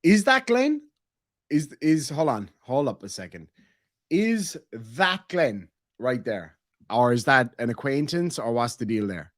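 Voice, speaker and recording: A man's voice: medium pitch, sing-song, measured pace, dry recording, studio quality. An Irish man hosting a casual stream, reading member messages aloud in a joking, crude, rambling way. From Ireland. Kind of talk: casual reaction stream chat.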